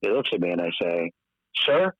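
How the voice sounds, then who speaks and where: A man telling a story in casual podcast chat, lively and acting out the voices of the people he quotes. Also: low voice, a little fast, dry recording. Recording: dull, dry podcast audio.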